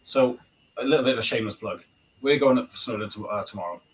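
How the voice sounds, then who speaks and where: A man's voice: medium pitch, fast talker. A man, a British army veteran, talking candidly and bluntly in a casual chat, swearing freely and often asking "right?". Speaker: veteran guest. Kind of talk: casual video-call chat. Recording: distant mic with faint noise.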